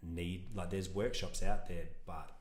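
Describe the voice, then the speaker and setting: Deep-voiced earnest man. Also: steady tone, measured pace, echoey room. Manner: earnest, reflective, rambling with restarts. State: emotional. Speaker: podcast guest. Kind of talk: casual conversational interview.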